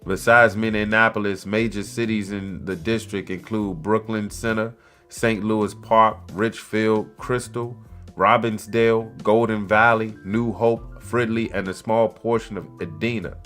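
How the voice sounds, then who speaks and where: Loud, slangy man riffing on camera. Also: on the low side, measured pace, faint music behind. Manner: loud, excitable, slangy, jokey asides to viewers. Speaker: commentary podcaster. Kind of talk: casual commentary, reading articles aloud.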